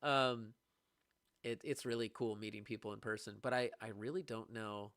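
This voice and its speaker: A young man who teaches music, chatting casually on a livestream and answering viewers, excitable and quick to laugh. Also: fairly low pitch, no echo, studio quality. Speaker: music teacher streaming live.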